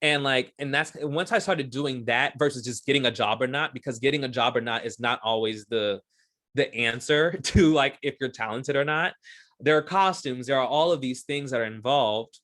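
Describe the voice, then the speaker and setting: A man from Houston, Texas chats as an interview guest, his voice bright and forward. He tells stories loosely, full of fillers and quick restarts. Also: mid-range voice. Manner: chatty storyteller, many fillers and restarts. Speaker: guest, stage performer. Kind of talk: casual interview chat.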